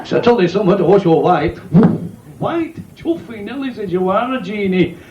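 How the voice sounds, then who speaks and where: A man's voice: sits high, expressive, brisk, highs cut off. A man telling crude jokes and bantering cheekily with the crowd at a club. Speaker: club comedian. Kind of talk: bawdy stand-up joke telling. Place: pub or working men's club. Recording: echoey live club recording with loud crowd noise.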